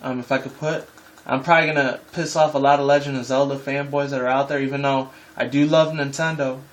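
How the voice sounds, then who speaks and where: A man in his twenties hosts a casual game-review video, rambling heatedly and swearing often before signing off with casual slang. His voice is mid-range, and the audio quality is poor.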